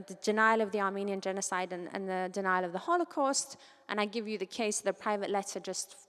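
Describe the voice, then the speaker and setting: A woman from Cyprus giving an academic conference talk, lively and informal, with quick asides and quoted voices. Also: mid-range voice. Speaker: conference speaker. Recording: long reverb of a large hall.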